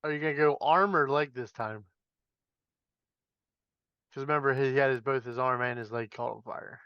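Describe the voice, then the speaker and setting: A man's voice: medium pitch, moderate pace, clean tone, no room sound, lo-fi sound. Man hosting a casual wrestling podcast. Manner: leads questions, laughs easily. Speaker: podcast host.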